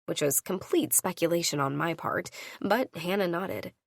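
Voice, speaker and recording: A woman reading a first-person audiobook, voicing each character with her own shifts in pitch. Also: normal speed, vocal fry, dry recording, clean studio sound. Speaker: audiobook narrator.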